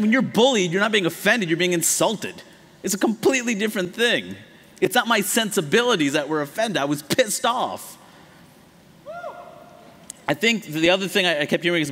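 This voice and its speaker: A man in his late thirties from the United States giving an animated, profane, emphatic comedic talk on stage. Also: high voice, moderate pace. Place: large hall on stage. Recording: echoey hall.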